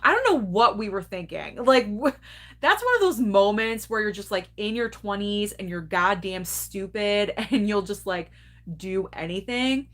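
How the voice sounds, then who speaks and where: A woman's voice: mid-range voice, animated, unhurried, a bit bright. Chatty woman host laughing as she talks. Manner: chatty and candid, laughs often. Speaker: host of a movie club livestream. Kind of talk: casual livestream chat, reading viewer comments.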